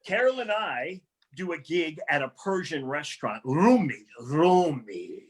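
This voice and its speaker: A man doing a loud, rambling, profane stand-up set at a small comedy venue, acting out other people's voices. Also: a little high, big pitch swings, unhurried.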